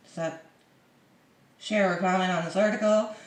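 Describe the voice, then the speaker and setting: A woman's voice: medium pitch, steady tone, moderate pace, pauses often, recorded from a distance. A woman vlogger reads a news article aloud in a casual way, breaking off often for mocking, playful side remarks. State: dry throat. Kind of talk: casual reading with sarcastic asides. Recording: roomy echo.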